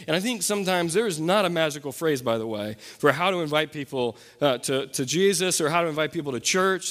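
A young man preaching a sermon as pastor, talking in a loose, conversational way with fillers and quick self-corrections. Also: on the high side, a bit bright. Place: church sanctuary. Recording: long reverb from a hall.

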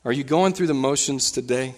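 A man preaching a sermon as pastor in a church, animated, his voice climbing higher and louder when he retells scenes. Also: brisk, long reverb tail. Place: church sanctuary.

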